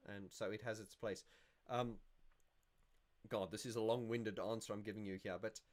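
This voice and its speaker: A man hosting a casual livestream, answering viewer questions in a rambling, self-correcting way. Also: medium pitch. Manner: rambling and self-correcting, sings snippets to illustrate.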